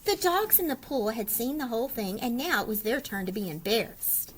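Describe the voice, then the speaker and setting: Expressive woman reading a picture book. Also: on the high side, brisk, a little hiss or hum, rough recording. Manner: expressive, asks listeners questions. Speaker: storyteller.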